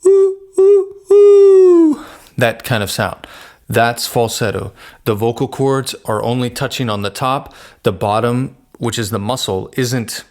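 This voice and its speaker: A man teaching singing, explaining plainly and breaking into sung falsetto demonstrations. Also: fairly even intonation, measured pace. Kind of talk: vocal lesson with sung demonstrations.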